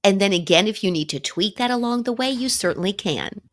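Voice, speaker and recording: A woman's voice: mid-range voice, expressive, fairly quick, fairly bright tone. Woman, middle-aged, podcast host, upbeat, encouraging, talks directly to listeners. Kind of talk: solo podcast coaching talk.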